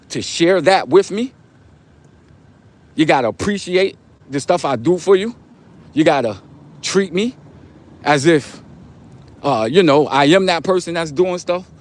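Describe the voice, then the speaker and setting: A young man from Long Island, hosting a casual livestream, giving motivational talk in street slang and repeating his points. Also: fairly high pitch. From Long Island, New York. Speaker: livestream host.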